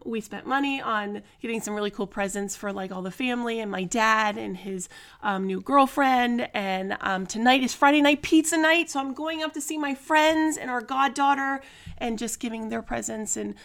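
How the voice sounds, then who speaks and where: A woman's voice: on the high side, fairly bright tone. Chatty, laughing woman podcast host. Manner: chatty, laughing often, many fillers. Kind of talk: casual solo podcast storytelling.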